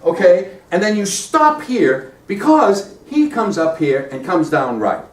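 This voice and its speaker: Man giving loud stage notes. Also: high-pitched, sing-song. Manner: brisk, repeats "okay?", acts out lines loudly. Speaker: theater director. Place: theater stage. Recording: echoey stage from far off, faint ambience.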